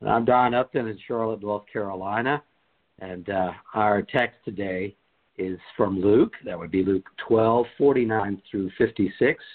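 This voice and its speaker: A man hosting a scripture discussion podcast, reading scripture aloud in a measured, deliberate way and leading the talk. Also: on the low side. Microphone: video call. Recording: tinny phone-like line.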